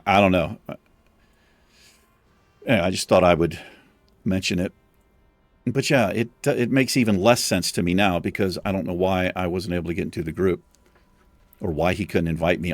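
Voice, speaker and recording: A man's voice: low-pitched, no echo. A young man casually commenting on his game and rambling through a story, swearing freely as he talks. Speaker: gaming streamer.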